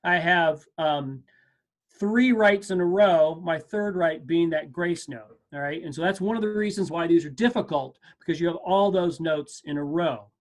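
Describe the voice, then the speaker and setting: A man teaching percussion over a video call, speaking casually and encouragingly. He counts beats aloud and corrects himself as he goes, in a relaxed class tone. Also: a little high, moderate pace. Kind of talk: online music lesson. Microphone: video call mic.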